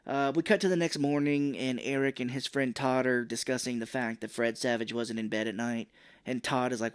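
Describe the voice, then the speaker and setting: A man co-hosting a casual podcast, recapping a movie and acting out its lines in high, mocking put-on voices. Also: fairly even intonation, a little fast, smooth. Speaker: podcast co-host.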